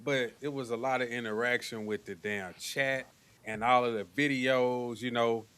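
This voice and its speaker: A man's voice: mid-range voice, fairly even intonation, normal speed, fairly bright tone, smooth. A man from East Texas hosting a livestream, talking in a loose, laid-back way with casual slang.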